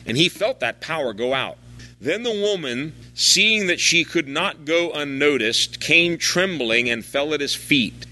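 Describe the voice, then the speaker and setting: A man preaching a sermon, reading scripture aloud and acting out its lines with shifting, animated delivery. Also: medium pitch. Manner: animated, dramatizing scripture quotes with shifting voices.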